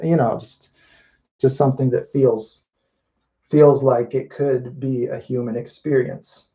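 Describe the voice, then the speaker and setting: A man talks through his painting as he works, loose and unhurried, often restarting his sentences and tossing in "you know." His voice sits mellow and warm in a middle pitch. The recording is a little dull and lo-fi. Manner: relaxed, thinking aloud while painting, many restarts and "you know". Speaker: painting instructor. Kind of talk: live painting demonstration. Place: indoors at a painting wall.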